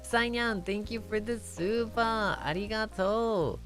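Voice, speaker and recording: A man's voice: high voice, moderate pace, a bit bright, faint music behind. A man hosting a casual anniversary chat stream, giggly and rambling, shy and self-conscious, switching between English and Japanese. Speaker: streamer host.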